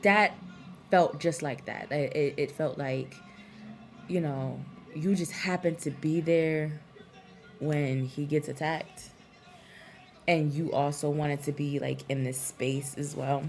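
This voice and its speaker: A woman's voice: sits low, creaky. A woman talking through a wrestling event in a casual, frank review vlog, full of ums and likes and swearing freely.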